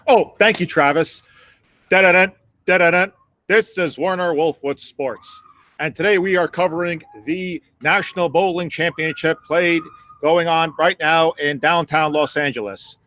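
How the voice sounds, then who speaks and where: A man's voice: fairly high pitch, a little slow, fairly bright tone, dry recording. A man doing improv as a brash sportscaster. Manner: brash announcer. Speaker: sportscaster in a sketch. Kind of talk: improv comedy.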